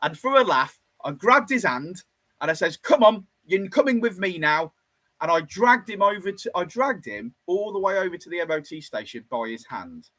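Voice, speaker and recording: Bloke, thirties, garage owner spinning a yarn, very lively pitch, slightly raised voice, dry sound. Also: male voice, normal speed, no echo, rough recording. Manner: lively, animated, acts out the other voices. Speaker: garage workshop owner telling a story. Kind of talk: casual storytelling.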